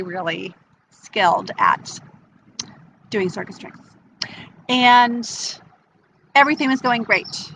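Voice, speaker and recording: Woman nature educator telling a kids story, high bright voice, faint background noise. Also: low-quality recording. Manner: animated, expressive storyteller. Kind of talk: storytelling for children.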